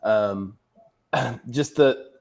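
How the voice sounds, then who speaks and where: Man, mid-pitched voice, sports panelist, confident, teasing, casual football chat. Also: very slow, creaky. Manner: confident, teasing pick predictions.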